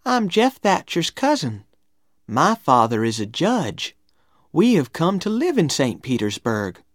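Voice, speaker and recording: A prim young schoolgirl in a read-aloud storybook, sweet and sing-song, as a woman reader voices her. Her voice is pitched high above the reader's own and bounces lively. The delivery is slow, close and dry. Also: no echo, heavily acted. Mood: polite.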